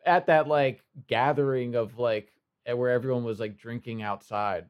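A man hosts a casual podcast, laughing easily and peppering his talk with "dude" and swear words. He sounds loose and unhurried among friends. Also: medium pitch, smooth, dull audio. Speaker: podcast host.

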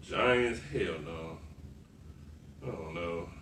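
A man co-hosting a podcast, talking football in a loose, animated, profane way and laughing often. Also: deep voice, extremely slow. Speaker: podcast co-host. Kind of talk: casual sports chat. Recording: roomy, far from the mic, faint noise.

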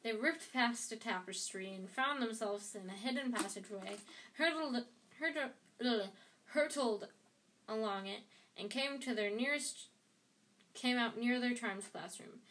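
A woman's voice: fairly high pitch, unhurried, a bit bright. A woman reading a novel aloud who often stumbles and rereads words, recorded from a slightly distant mic. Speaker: reader.

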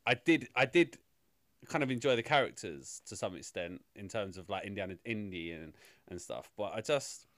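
A man's voice: lowish voice, expressive, normal speed, a bit bright. A man rants about a film on a casual podcast. He rambles, swears freely and sounds exasperated, and his voice is close and dry with no room echo. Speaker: film reviewer.

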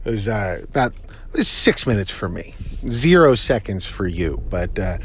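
A man's voice: fairly low pitch, sing-song, moderate pace. Rambling self-mocking man talking in his car. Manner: rambling, self-deprecating, jokey asides. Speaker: podcast host. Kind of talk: casual solo monologue while driving. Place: inside a car. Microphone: phone or recorder in the car. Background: car and road noise.

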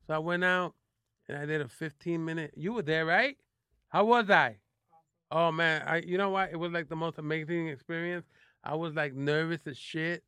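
A man from New City, a guest telling animated, profane stories with lots of restarts. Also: a little high, moderate pace, clean tone, no echo, clean studio sound. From New York City. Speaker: guest actor. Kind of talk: casual interview storytelling.

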